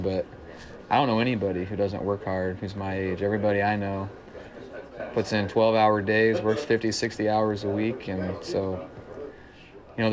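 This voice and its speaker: A low, fairly flat-voiced man with a light small-town Illinois country twang, talking in a relaxed, rambling way. He is interviewed in a working man's bar, and crowd chatter fills the room behind him. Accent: small-town Central Illinois, slight country twang. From Central Illinois, United States. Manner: easygoing storyteller, many "kinda" and "uh". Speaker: musician interviewee.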